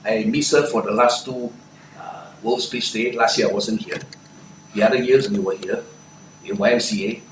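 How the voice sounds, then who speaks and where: An older man with a Singaporean English accent giving a lively motivational talk, punchy and animated, often laughing. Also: on the low side, normal speed, a little hiss or hum. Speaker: motivational speaker. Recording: echoey room, far from mic.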